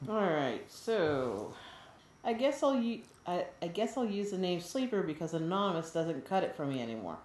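A woman with a notably low voice co-hosts a casual podcast, reading listener emails aloud. She laughs often and gets animated when joking. The room adds a roomy echo. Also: moderate pace.

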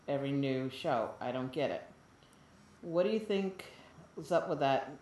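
A woman with a notably low voice co-hosts a casual podcast, reading listener emails aloud. She laughs often and gets animated when joking. The room adds a roomy echo.

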